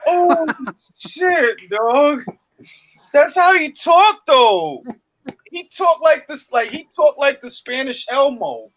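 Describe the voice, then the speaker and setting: Lively high-voiced male host. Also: slow. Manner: slangy, bilingual banter. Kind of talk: casual chat.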